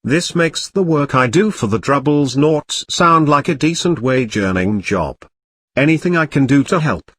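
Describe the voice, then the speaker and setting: A man voicing a harried young wizard boy who answers with flat, exasperated asides. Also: mid-range voice, normal speed.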